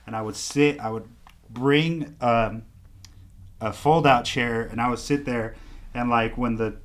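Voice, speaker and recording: A man's voice: medium pitch, unhurried. A man in his thirties from Southern California, a guest artist telling his story in casual, slangy chat and acting out the voices of people he quotes.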